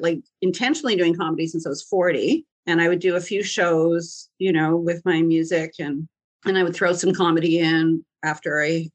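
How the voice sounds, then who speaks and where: A woman, a podcast guest who tells her story in a lively, jokey way and acts out the voices of the people in it. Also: fairly low pitch, slightly rough, low-quality recording. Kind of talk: animated storytelling chat.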